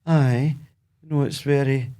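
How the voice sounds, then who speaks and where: A Scottish man in casual podcast chat, hesitant and halting. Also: medium pitch, steady tone, dark tone, clean tone. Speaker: podcast co-host.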